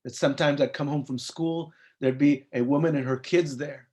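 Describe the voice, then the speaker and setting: A man's voice: on the high side, fairly even intonation, normal speed, darkish tone. Earnest man telling a personal story. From US (Compton, California). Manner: earnest storytelling, acts out quoted dialogue. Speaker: psychologist and program founder. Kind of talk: personal story at a panel briefing.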